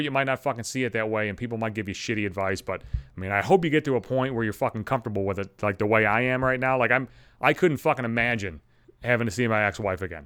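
Ranting solo at home, a podcast host swears constantly and speaks bluntly into a studio microphone. His mid-range voice is fairly bright and clean, with no echo.

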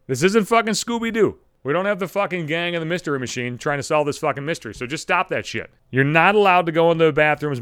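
A man rattles along at a quick clip in a fairly high voice, hosting his own solo podcast. He rambles through a story with constant swearing and animated retellings. The sound is dry and close, with no room around it. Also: clean tone, dry recording. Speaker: podcast host.

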